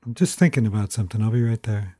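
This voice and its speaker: A man's voice: lowish voice, quick pace, warm tone, no echo, lightly acted. A man voicing an anxious grown man in a told story, hesitant and repeating his words.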